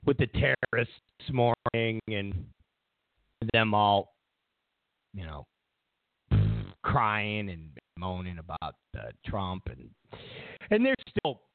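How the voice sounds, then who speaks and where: Here the same kind of host, a man with a fairly low voice, delivers a ranting opinion monologue slowly, with long pauses and big pitch swings. Bluntly and with profanity, he mocks opponents by putting on whiny voices, over tinny, phone-like audio without room sound.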